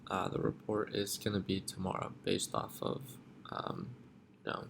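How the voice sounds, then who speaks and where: A man hosting a live trading chat stream from home, speaking quietly and in a relaxed way. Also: deep voice, vocal fry, background noise. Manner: talking quietly, relaxed and unhurried. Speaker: trading livestream host. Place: home at night.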